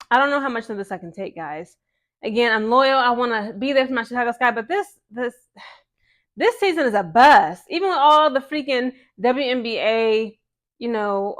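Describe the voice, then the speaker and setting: A woman's voice: sits high, fairly bright tone. A woman vlogging as a sports fan, ranting in a casual, emphatic, exasperated way.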